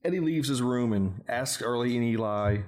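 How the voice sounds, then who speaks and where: A man's voice: mid-range voice, moderate pace, a little mellow. A man hosting a podcast, casually recapping a movie's plot step by step, with plenty of filler words. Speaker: podcast host.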